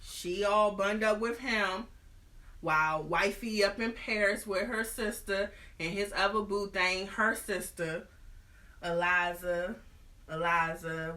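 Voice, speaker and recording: A woman host retelling a story in an animated, slangy, comic way. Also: on the low side, takes it slowly. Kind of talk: casual storytelling.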